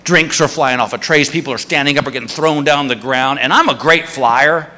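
A man doing stand-up storytelling on stage, animated and acting out the people in his stories. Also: mid-range voice, fairly quick. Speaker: stand-up comedian. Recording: live stage recording with long hall reverb.

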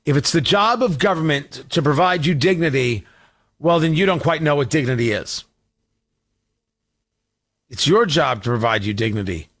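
A man's voice: a little high, animated, normal speed, pauses often, fairly bright tone. A man hosting a political talk show, delivering a combative, sarcastic monologue.

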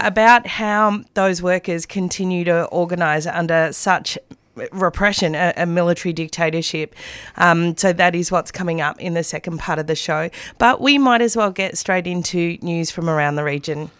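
An Australian woman hosting a community radio news show, friendly and measured, reading regional labour news. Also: on the low side, a bit bright, clear, resonant tone, dry recording. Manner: friendly, measured, slight restarts. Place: radio studio.

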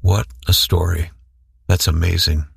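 A man's voice: low-pitched, flat delivery, measured pace, vocal fry, a bit bright, slight background noise. A man hosting an interview, guiding his guest with curious questions. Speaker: interviewer host. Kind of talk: conversational interview.

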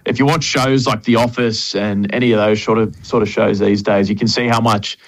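A man's voice: fairly low pitch, fairly even intonation, a little fast, poor audio. Enthusiastic man explaining a film. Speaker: radio guest, film reviewer. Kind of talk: casual radio chat.

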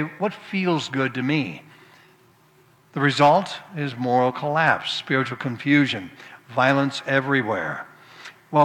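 A man's voice: mid-range voice, sharp tone. A man preaching a sermon, telling folksy humorous anecdotes before turning to scripture. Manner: storytelling, folksy, with occasional restarts. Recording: long hall reverb.

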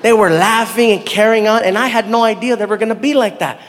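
A male stand-up comedian telling a story live on a theater stage, animated, shouting punchlines and laughing along. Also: high-pitched, quick pace. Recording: live hall with crowd noise.

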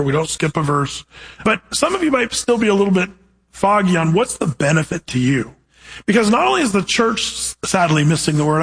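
A man's voice: fairly high pitch, fairly bright tone, slightly rough, poor audio. A man, a pastor, preaching a verse-by-verse sermon and reading scripture, earnest and asking his congregation direct questions.

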